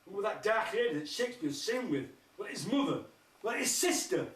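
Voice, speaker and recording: A man's voice: high-pitched, big pitch swings, brisk, a bit bright. A man doing rambling surreal stand-up, firing crude absurd one-liners and laughing at his own jokes. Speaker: stand-up comedian. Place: live music festival stage. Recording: echoey, distant mic, faint noise.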